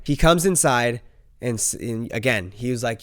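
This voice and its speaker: A man's voice: mid-range voice, lively intonation, normal speed, no echo, clean studio sound. A young man, a bit sick, hosting his vlog and telling a story casually, peppering his talk with "bro" and "like.". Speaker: host.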